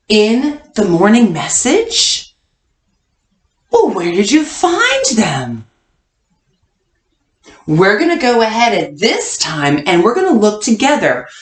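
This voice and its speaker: A woman teaching a kindergarten class online, coaxing answers with slow, sing-song hints. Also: mid-range voice. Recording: echoey room.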